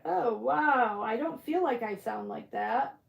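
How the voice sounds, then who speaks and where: Reading chat during her craft stream, a middle-aged woman from Michigan, speaking with a Michigan accent, muses aloud and chats casually as she answers viewers. Her voice is a little high and a little mellow with vocal fry, at normal speed, and the recording is reverberant.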